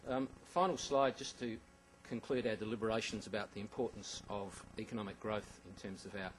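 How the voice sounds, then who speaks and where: A man with a lowish voice presents slides at a conference at a brisk pace. He fills pauses with ums, restarts phrases, and slips in wry, understated asides. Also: fairly even intonation, a little hiss or hum, poor audio. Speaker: conference speaker.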